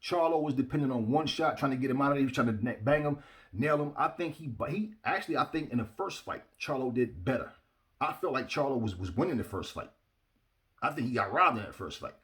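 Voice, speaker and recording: A man's voice: mid-range voice, animated, quick pace, a bit bright. Man, casual fight commentator, mid-range voice, blunt and emphatic, talks right at his audience. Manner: blunt, emphatic, repeats himself, addresses viewers directly. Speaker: boxing commentator. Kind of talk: casual opinion talk to viewers.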